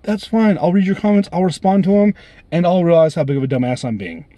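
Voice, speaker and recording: A man venting on camera in a heated, profane rant, circling back over the same complaints. His voice sits a little high yet sounds dark and mellow. The sound is close and dry. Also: lively intonation, quick pace, dry recording. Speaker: vlogger. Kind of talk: angry ranting story.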